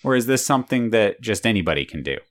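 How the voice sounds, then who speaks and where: A woman's voice: a bass voice, big pitch swings, fast talker. A woman interviewing a child in a casual chat, patiently restating the answers to check she has understood.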